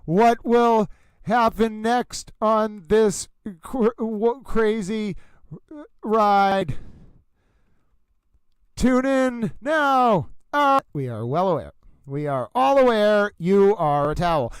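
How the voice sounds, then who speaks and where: A young man with a high, smooth voice shouts into his desk microphone like a showman announcer. He hosts a livestream and talks slowly and theatrically. The sound is dry and close. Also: animated, no echo. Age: young adult. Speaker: livestream host. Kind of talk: excitable livestream commentary.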